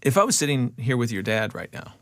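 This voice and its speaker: A middle-aged man hosting a faith podcast interview, asking measured, reflective questions. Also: medium pitch, expressive, creaky, a bit bright, dry recording. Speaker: podcast host.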